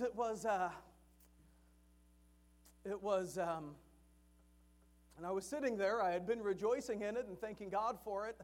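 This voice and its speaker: Tenor-range male preacher for a chapel sermon, moves from quiet storytelling to loud, fervent emphasis. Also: high-pitched.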